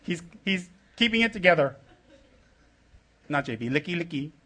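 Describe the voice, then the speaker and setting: A man's voice: fairly high pitch, expressive, moderate pace, sharp tone. A middle-aged man giving an informal Dharma talk as a Buddhist teacher, teasing and jokey in blunt short phrases.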